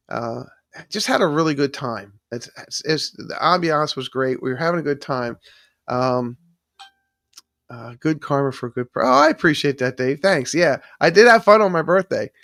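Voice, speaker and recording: A gravelly-voiced man hosting a casual live stream, rambling through his story, often restarting his sentences and thanking chat viewers by name. His voice is recorded close and dry, with little room sound. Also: mid-range voice, fairly bright tone, dry recording. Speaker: livestream host.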